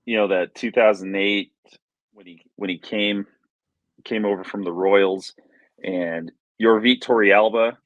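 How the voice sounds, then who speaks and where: A man recalling old games in a loose, stop-and-start way, often circling back mid-sentence. His voice is on the low side, and it is captured close and dry. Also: fairly even intonation, a bit bright, no room sound, highs cut off. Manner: halting, many restarts, reminiscing. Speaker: podcast co-host. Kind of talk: casual sports chat.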